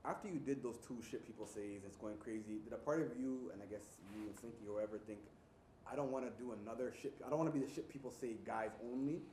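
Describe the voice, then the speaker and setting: A man hosting a podcast interview, asking quick, casual questions and swearing now and then, recorded through a faulty mic. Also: mid-range voice, dark tone. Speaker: podcast host. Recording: roomy audio off a faulty mic with faint ambient noise.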